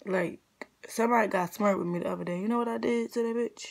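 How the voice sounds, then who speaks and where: A woman's voice: medium pitch, fast talker, vocal fry. A young adult woman vlogger telling a casual storytime rant, blunt, profane and exasperated, full of slang.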